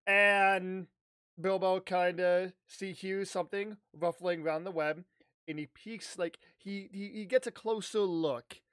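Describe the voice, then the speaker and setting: A man with a high voice tells an animated, rambling story straight into the mic. he keeps restarting his sentences and drops the odd swear. the sound is close and dry, with no room around it. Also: moderate pace, smooth, no room sound. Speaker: YouTuber. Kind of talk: casual storytelling vlog.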